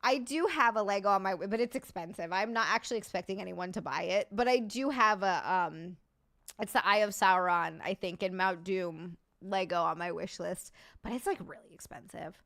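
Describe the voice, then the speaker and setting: A woman's voice: mid-range voice, normal speed. A woman hosting a casual live-chat stream, chatting, joking sarcastically, swearing freely and thanking viewers by name. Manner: animated, sarcastic jokes. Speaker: livestream host.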